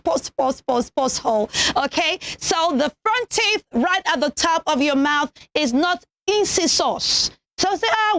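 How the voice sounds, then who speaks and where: A young woman presenting a children's TV pronunciation lesson, enunciating slowly and deliberately and cheering the kids on. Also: high-pitched, fairly bright tone. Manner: slow, deliberate teacherly enunciation, encouraging.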